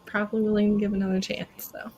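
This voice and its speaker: Speaking quickly in a mid-range voice, this woman hosts a relaxed live video chat with a little noise in the background. She laughs a lot and performs people's quotes as she spins her stories, picked up by a video call microphone.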